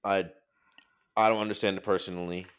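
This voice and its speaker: A man's voice: sits low, flat delivery, a little fast, clear, resonant tone. A young man co-hosting a casual podcast chat, teasing and meandering, with lots of filler words.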